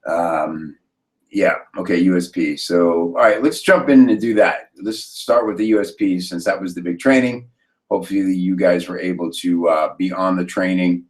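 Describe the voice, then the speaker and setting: A man's voice: sits low, moderate pace. A man hosting a live group call, talking in a casual, upbeat, rambling way with many fillers and restarts. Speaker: host of a copywriting members' call.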